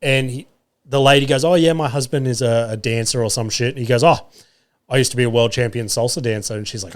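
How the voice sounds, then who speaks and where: Profane Australian dad telling stories. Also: male voice, medium pitch, a little fast. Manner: profane, wry, lots of filler and acted-out quotes. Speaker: podcast host. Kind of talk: casual comedic storytelling. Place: home room.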